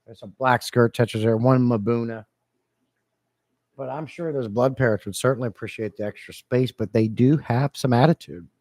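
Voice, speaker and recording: A man chatting casually on a fish-keeping livestream, reading comments and joking around, a bit low on energy. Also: normal speed, a little mellow, no echo, clean studio sound. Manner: playful, rambling, jokey with chat. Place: home fish room.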